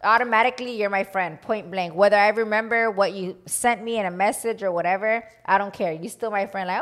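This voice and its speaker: A woman's voice: medium pitch, a little fast, few pauses. A woman in her thirties co-hosting a podcast, telling a story in casual chat and acting out other people's voices, slipping in Spanish phrases. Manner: animated storytelling, acts out quoted voices, mixes in Spanish phrases. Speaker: podcast co-host.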